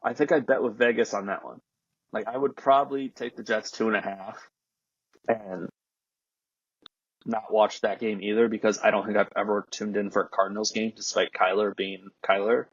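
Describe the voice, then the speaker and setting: Young man, husky voice, fairly low, muffled dry recording, wry sports chat. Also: steady tone, normal speed, no room sound. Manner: wry, musing questions. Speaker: podcast guest. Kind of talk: casual sports betting chat.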